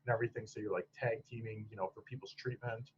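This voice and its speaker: A man's voice: on the low side, steady tone, rapid-fire, muffled recording, a little hiss or hum. A man from Michigan's Upper Peninsula, a podcast guest talking casually about his clinical training, rambling with many restarts and laughs. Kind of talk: casual interview chat.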